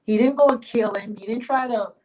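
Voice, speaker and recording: Animated woman telling a folk tale. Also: a little high, brisk, rough recording. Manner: animated, playful, giggles. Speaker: spiritual teacher. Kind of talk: oral storytelling.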